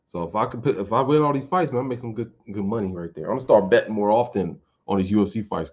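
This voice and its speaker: A man's voice: fairly low pitch, fast talker, hardly any pauses, slightly rough, dull audio. A man vlogging casual fight commentary in a rambling, informal way with some swearing.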